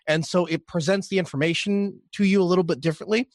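A man's voice: sits high, fairly even intonation, quick pace, dry recording, clean studio sound. A man co-hosting a casual podcast, rambling and hesitant, with lots of fillers. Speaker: podcast co-host.

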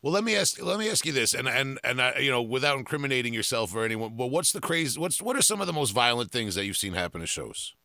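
A man's voice: mid-range voice, very animated, fast talker, few pauses, pushed and bright, dry recording, clean studio sound. A man hosting a podcast, asking laid-back questions with frequent restarts. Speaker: podcast host. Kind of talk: casual interview.

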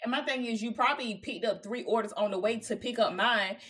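A young adult woman co-hosting a podcast in casual chat, emphatic, chiming in with quick reactions. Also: fairly high pitch, a bit bright, husky. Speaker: podcast co-host.

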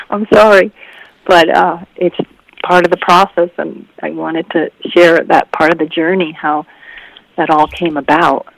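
A woman guest author with a gravelly, creaky edge to her voice, recorded dry and close. She answers in a heartfelt, rambling way, full of fillers and little laughs. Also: lowish voice, steady tone, a little slow, no room sound, low-quality recording. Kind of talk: earnest interview answers.

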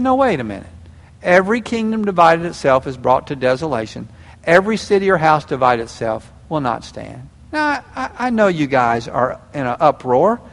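Older male pastor, animated storyteller, slightly high voice, reverberant hall. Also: vocal fry. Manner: animated storytelling, acting out prayers and quotes. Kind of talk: sermon.

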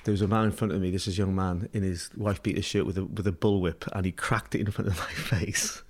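Scottish man, middle-aged, low voice, rambling and laughing, interview guest. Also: steady tone, fast. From Scotland. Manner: rambling, laughs often, many restarts and fillers. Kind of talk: casual storytelling.

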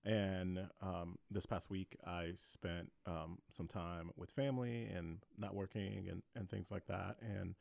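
Deep gravelly man, halting speech. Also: steady tone, a little mellow, dry recording. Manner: halting, repeats words often. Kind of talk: casual podcast chat.

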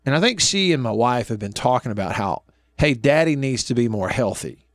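A man's voice: mid-range voice, lively intonation, brisk, no echo, clean studio sound. A man in his thirties hosting a radio talk show, telling folksy family stories and laughing often.

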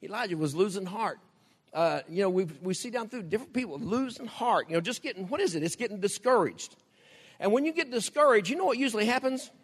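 Folksy older preacher, lively. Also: male voice, sits high, fast, husky, big-room sound. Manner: folksy, laughs often, acts out quoted prayers. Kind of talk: conversational sermon.

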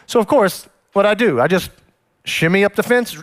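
A man who is a pastor, telling personal stories in a sermon and acting out the scenes with animated energy. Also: high-pitched, moderate pace.

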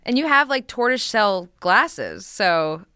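A woman's voice: mid-range voice, very animated, slow, bright, forceful tone, smooth, dry recording, clean studio sound. A woman co-hosting a podcast in casual chat, giggly and chatty with lots of fillers. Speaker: podcast co-host.

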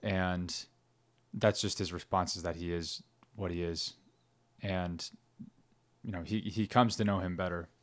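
Guy w a low steady voice, casual reflective faith chat. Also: a little slow. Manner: reflective, reads quotes aloud.

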